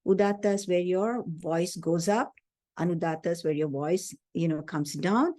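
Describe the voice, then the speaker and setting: A middle-aged woman explains how to chant, patient and earnest, pausing to ask "hmm?" of her listeners. Her voice sits a little low and sounds mellow and soft. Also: no room sound. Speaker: teacher. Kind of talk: spiritual lecture on chanting.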